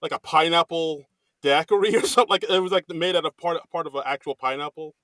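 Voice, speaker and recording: A man co-hosting a podcast in casual chat, animated and quick to laugh. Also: fairly high pitch, dry recording. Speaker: podcast co-host.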